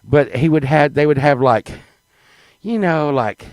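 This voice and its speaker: A man telling a rambling, profane comic story, swinging between loud excited bursts and low mutters. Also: measured pace, no room sound, poor audio. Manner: profane, rambling, animated, with sudden drops to mutters.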